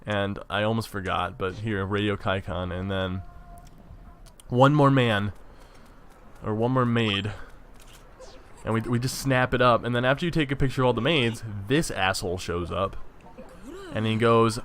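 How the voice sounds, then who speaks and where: A man giving casual gameplay commentary, excitable, swearing and stumbling over his words, with faint game music behind. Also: on the low side, moderate pace, pauses often, a little hiss or hum. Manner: excitable, swears, stammers and restarts. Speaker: let's play commentator.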